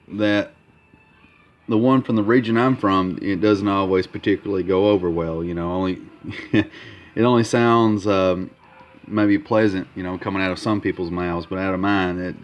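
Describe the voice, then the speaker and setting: A man talking casually in a vlog about his comic art, halting with many fillers and repeated words. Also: low voice. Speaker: comic artist vlogger. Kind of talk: casual progress-update vlog.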